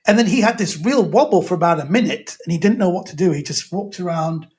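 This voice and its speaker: A man's voice: high-pitched, fast talker. A man, a guest comedian, telling stories in a casual chat and animatedly acting out what people said. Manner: animated storyteller, acts out quotes.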